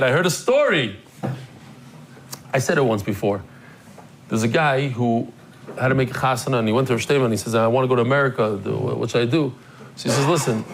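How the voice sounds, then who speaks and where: A man hosting a daily class, telling a story in a lively, joking way and acting out the people in it, then greeting guests in the room. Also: mid-range voice, a little hiss or hum. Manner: animated, jokey, acts out the people in his stories. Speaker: daily Talmud class teacher and host. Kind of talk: casual storytelling to a live class.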